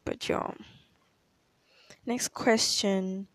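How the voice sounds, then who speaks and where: A woman's voice: mid-range voice, steady tone, drawn-out words, dry recording. A young woman from Africa, chatting in a rambling, hesitant way as she answers personal questions in a vlog. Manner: rambling, hesitant, self-correcting. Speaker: vlogger. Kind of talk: casual confessional Q&A chat.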